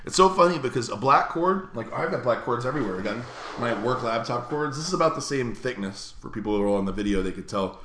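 A man's voice: medium pitch, quick pace, a bit bright, reverberant, a little hiss or hum. A young man co-hosting a podcast in loose, profane, joking casual chat. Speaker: podcast co-host.

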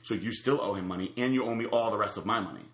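A man's voice: lowish voice, very fast, reverberant. A man casually telling a long anecdote, acting out the other people's lines. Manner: animated storyteller acting out quotes. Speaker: storyteller guest.

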